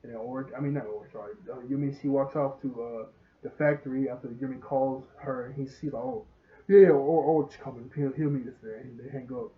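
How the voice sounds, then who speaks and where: A man's voice: medium pitch, fairly even intonation, quick pace. A man casually retelling a cartoon episode for a review, rambling and laughing at the scenes. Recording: dull lo-fi audio.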